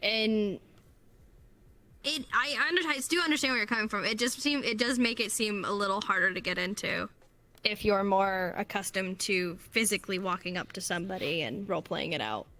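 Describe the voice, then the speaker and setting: A woman being interviewed as a guest on a casual streamed talk show, chatty and quick to laugh. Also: medium pitch, bright, forceful tone.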